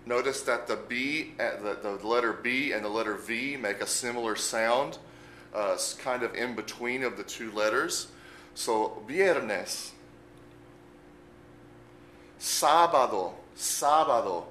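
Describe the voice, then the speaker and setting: A man's voice: mid-range voice, slow pace, pushed and bright, echoey room, a little hiss or hum, poor audio. A man giving an unscripted language lesson, speaking patiently and spelling words out letter by letter. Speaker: Spanish teacher.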